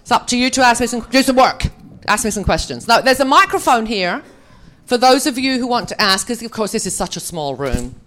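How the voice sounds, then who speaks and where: Lively, joking woman telling stories. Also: a little high, fairly quick. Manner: chatty, joking, self-mocking. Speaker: actress speaking at a fan convention panel. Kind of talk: anecdotal storytelling to a live audience.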